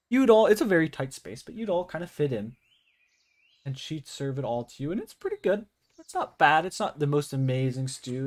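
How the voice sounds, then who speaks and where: Young man narrating as game master. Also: mid-range voice. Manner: animated, jokey narration.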